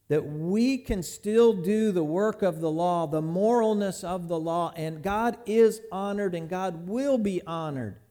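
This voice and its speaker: A middle-aged man preaching a sermon, telling folksy stories and slowing down hard to stress his points. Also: high voice, warm tone. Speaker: pastor.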